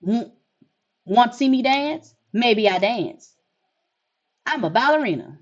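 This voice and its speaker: A woman's voice: on the high side, animated, slow pace, dull audio. A woman voicing a strange, pushy female visitor who is not human and speaks in blunt, broken English. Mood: creepy.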